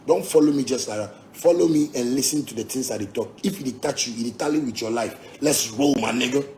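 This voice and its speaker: Talking fast with few pauses, a Ghanaian musician with a Ghanaian Pidgin English accent delivers a heated, combative rant to his fans in a medium-pitched, darkish voice. He keeps repeating himself, swears and adds laughing asides, over a little hiss or hum.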